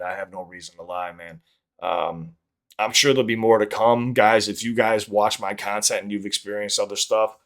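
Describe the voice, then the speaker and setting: A man telling stories casually from his home office, rambling and swearing, with lots of fillers and restarts. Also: fairly low pitch. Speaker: YouTube content creator. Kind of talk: casual storytelling to camera.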